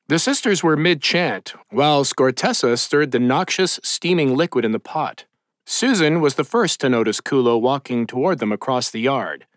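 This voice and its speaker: A man's voice: mid-range voice, animated, moderate pace, dry recording, clean studio sound. A man narrating comic stories in a wry, matter-of-fact way. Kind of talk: audiobook narration.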